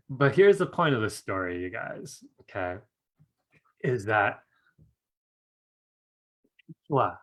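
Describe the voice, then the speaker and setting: A man's voice: on the low side, very animated, slow, long pauses, a bit bright. A man teaching a live online class in a chatty way, often asking "right?" and laughing as he tells a story. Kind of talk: casual live-stream teaching with a told anecdote.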